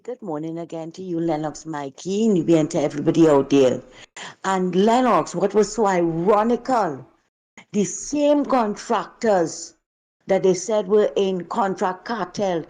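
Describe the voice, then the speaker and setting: A woman's voice: medium pitch, unhurried, a little mellow. A woman calling in to a show, speaking emphatically and indignantly. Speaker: caller. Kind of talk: call-in political commentary.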